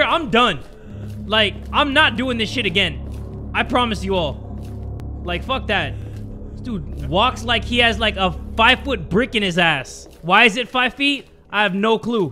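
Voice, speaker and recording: A young man narrates his horror game run, loud and excitable, with a high, bright, forceful voice. He cracks crude jokes and yells in panic whenever something chases him. Faint music plays behind him. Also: moderate pace. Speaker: gaming YouTuber. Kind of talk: horror game let's play commentary.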